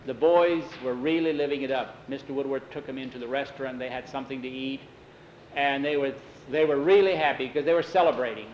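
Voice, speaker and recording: A man's voice: mid-range voice, fairly even intonation, fast, slight background noise. A man telling a story in a plain, folksy way, voicing each of the characters himself. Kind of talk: told story with voiced characters. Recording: roomy, dull sound with faint ambience.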